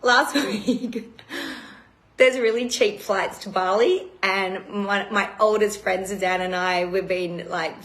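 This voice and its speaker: A woman's voice: mid-range voice, slow pace, fairly bright tone. A woman hosting a live stream, talking emotionally and bluntly with heavy swearing. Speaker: retreat host. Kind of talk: live-streamed personal talk. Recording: roomy echo.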